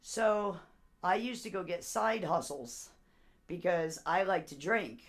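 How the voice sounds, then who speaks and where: A woman's voice: fairly low pitch, animated, takes it slowly. A woman chatting casually to viewers on her live stream as a seller, rambling on and laughing often.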